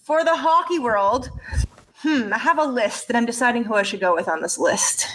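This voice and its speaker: A young woman co-hosting a casual podcast chat, animated, laughing often and swearing freely. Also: on the high side, normal speed, rough recording. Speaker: podcast co-host.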